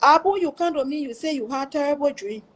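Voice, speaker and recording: Middle-aged Liberian woman, high voice, emphatic and pleading, giving personal testimony. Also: fast talker. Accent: Liberian English. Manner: emphatic, pleading, swears before God. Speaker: livestream storyteller.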